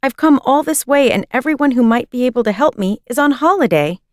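A woman's voice: high-pitched, expressive, a little fast, dry recording, clean studio sound, pitched above the performer's own voice. A woman reading a storybook voices a frustrated young woman scolding herself in a raised voice. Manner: frustrated, self-reproaching. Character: young woman, upset museum visitor, Fumiko.

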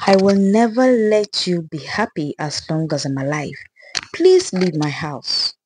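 A woman's voice: lowish voice, sing-song, a little slow, background noise. A woman voicing a bitter, vengeful aunt who speaks in a hard, unrelenting way. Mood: cold.

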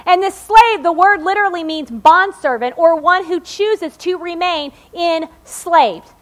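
A woman in her forties preaches a sermon in a very high-pitched, unhurried voice. Her delivery is conversational and joking, and she often checks in with the congregation by asking "okay?".

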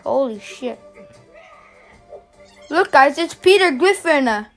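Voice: high voice, animated, slow pace, a bit bright, soft background music. A reaction video host giving casual commentary, stammering and swearing in exasperation.

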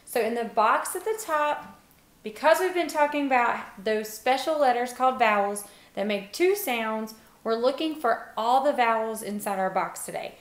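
A woman teacher giving a phonics lesson to young children, encouraging and sounding out words with pauses. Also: fairly high pitch, lively intonation. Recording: echoey room.

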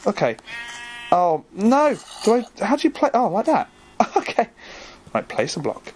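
A young man giving casual, excitable let's-play commentary, joking at his own expense and easily flustered as he plays. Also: on the high side, normal speed, slight background noise. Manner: excitable, jokey, easily flustered, self-mocking. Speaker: gaming video host.

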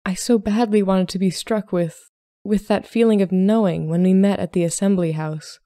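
An earnest young Regency lady, proud of her instincts and anxious underneath, voiced by a woman narrator. Her voice lifts higher than the narration, with a mellow, dry closeness. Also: fairly even intonation, moderate pace, dry recording, lightly acted.

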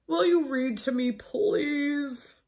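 A woman voicing a sniffing male wolf who loves books, talking high and eager and cutting himself off. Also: slow pace, a little mellow. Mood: pleading. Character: sniffing, book-loving male wolf, sly then pleading.

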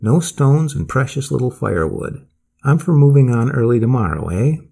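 A man's voice: mid-range voice, normal speed, vocal fry, husky, heavily acted. A man voicing a practical, jolly, unflappable Swedish traveler in an audiobook, blunt and matter-of-fact. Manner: blunt and matter-of-fact, excitable when startled. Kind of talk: audiobook character voice.

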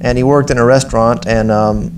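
A man's voice: medium pitch, fairly even intonation, fairly quick, background noise. Man telling stories with many restarts. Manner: repeats words and restarts sentences often; acts out conversations in dialogue. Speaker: Islamic teacher. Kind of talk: conversational storytelling.

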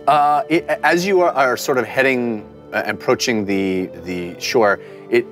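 Deep-voiced woman game master. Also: soft background music. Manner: halting, with fillers. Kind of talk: narrating a tabletop game.

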